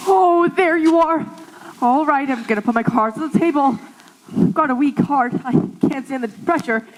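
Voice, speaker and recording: A woman's voice: high-pitched, normal speed, a little mellow, natural voice, rough recording. A woman playing an anxious, blustery male producer with a weak heart on a stage. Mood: fretful. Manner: fretful, blustery. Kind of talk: stage musical acting.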